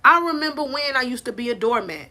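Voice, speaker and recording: A high-voiced woman talks fast as she gives a faith-based motivational talk on a live stream. As a life coach, she comes across as preachy and animated, often rising almost to a shout.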